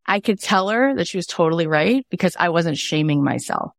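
A woman in her thirties speaks earnestly and with animation, repeating her points for emphasis as she gives a motivational podcast talk. Her voice sits on the low side. The sound is dry and close, with no room echo. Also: gravelly. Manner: earnest, animated, talks in quick bursts with emphatic repetition. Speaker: podcast host.

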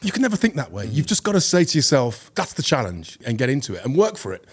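Chatty actor, easygoing storyteller. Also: male voice, mid-range voice, sing-song, fast, darkish tone, breathy edge. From England. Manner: chatty, self-deprecating storyteller with frequent "you know" and restarts. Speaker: guest actor. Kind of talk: casual chat.

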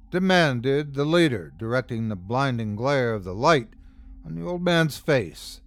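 A male host narrates a pulp horror tale in a measured, dramatic reading. He speaks slowly and keeps his pitch in an ordinary middle range. The delivery is scripted storytelling. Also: very animated.

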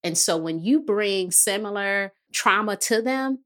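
A woman, a guest therapist and author, explaining family conflict in a measured, advice-giving way on a podcast. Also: medium pitch, animated, fairly bright tone.

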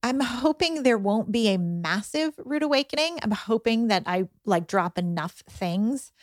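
A middle-aged woman, a guest on a chat show, telling animated stories about her son with exasperated asides. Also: on the high side, a little slow, dry recording, clean studio sound. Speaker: podcast guest, parent. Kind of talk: casual chat.

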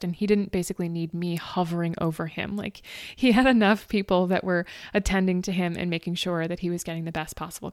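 Woman storyteller, smooth clear voice, dry close sound, emotional and chatty. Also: on the low side, dry recording. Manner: emotional, fighting back tears; frequent fillers like "like" and "um". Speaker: ultrarunner recounting a race. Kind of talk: personal storytelling.

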